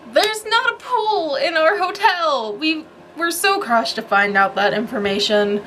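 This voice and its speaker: Chatty young woman vlogging, slightly high. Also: a bit bright, a little hiss or hum. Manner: chatty, rambling, with laughs. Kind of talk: casual vlog chat.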